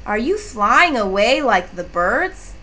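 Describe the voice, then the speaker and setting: Little moose calf, curious, wondering, childlike, unhurried, bright, as a woman puts it on. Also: fairly high pitch, big pitch swings, heavily acted. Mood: questioning.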